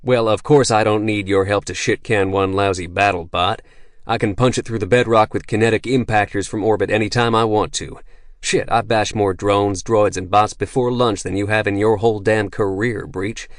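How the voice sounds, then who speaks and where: A man voicing a crude, boisterous veteran soldier who swears constantly and talks loudly with swagger. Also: on the low side, steady tone, normal speed, dry recording, clean studio sound, lightly acted. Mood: brash. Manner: profane, swaggering, loud.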